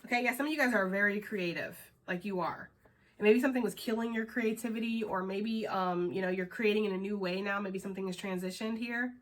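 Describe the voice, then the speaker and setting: A woman's voice: medium pitch, a little fast. A woman giving a casual tarot reading to her viewers, rambling and chatty with lots of fillers and casual swearing. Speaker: tarot reader.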